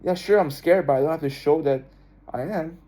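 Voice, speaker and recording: A man's voice: fairly high pitch, a little fast, dark tone. A young man talking to his viewers in a casual, laid-back monologue, often repeating himself and adding "man" and "bro". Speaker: vlogger.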